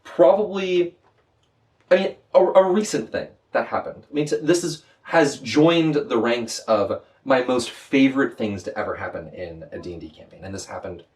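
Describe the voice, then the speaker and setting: A man as a podcast guest, a Dungeon Master telling an animated, excited game story with lots of quick restarts. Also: mid-range voice, recorded from a distance.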